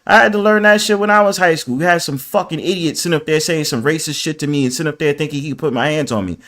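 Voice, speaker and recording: Dude hosting a panel, kinda high voice, blunt and cussing, no filter. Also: male voice, fast talker, a bit bright. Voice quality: blunt, profane. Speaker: panel host. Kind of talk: heated casual chat. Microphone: phone or video call.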